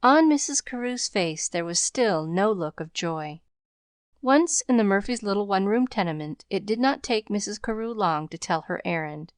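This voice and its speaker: A woman reading an audiobook aloud in measured, even scripted narration. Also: medium pitch, no room sound, studio quality.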